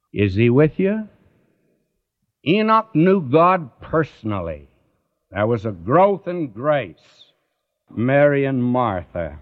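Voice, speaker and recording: A man preaches slowly and earnestly, his pitch rising and falling widely as he presses direct questions on his listeners. The recording is dull and lo-fi. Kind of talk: sermon.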